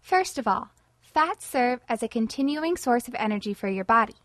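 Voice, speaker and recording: A woman's voice: a little high, expressive, normal speed, a little hiss or hum. A woman presenting a scripted educational lesson in a friendly, conversational way.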